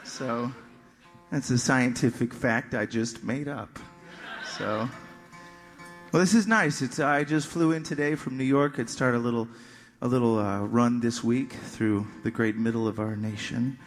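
A man's voice: medium pitch, measured pace, faint music behind. Guy musician chatting to the crowd between songs, stumbly self-mocking story, hall echo around him. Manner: rambling, self-deprecating anecdote with stammered restarts. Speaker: touring musician on stage. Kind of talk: stage banter between songs. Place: live concert venue. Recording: live hall reverb.

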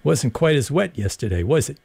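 A man's voice: mid-range voice, big pitch swings, a little fast, creaky, darkish tone, husky, no echo, pitched above the performer's own voice, heavily acted. A man doing a teasing young man in uniform. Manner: joking, mock-serious banter.

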